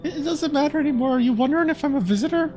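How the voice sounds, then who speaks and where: A man voicing a timid young man in a game who asks to be let in, reading the lines in a soft, pleading voice. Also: very high voice, very fast, soft background music, voice pushed up. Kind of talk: reading game dialogue aloud.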